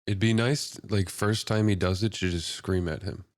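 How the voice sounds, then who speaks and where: A young man co-hosts a casual podcast, relaxed and teasing, often breaking into laughs. His voice sits low. The recording is dry and close. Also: normal speed, no echo. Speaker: podcast co-host. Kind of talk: casual chat.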